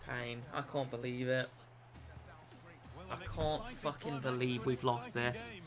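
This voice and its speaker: A young British man streaming a football game, swearing, self-mocking and excitable. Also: mid-range voice, slow, loud music behind the voice. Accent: British English. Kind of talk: gaming live stream commentary.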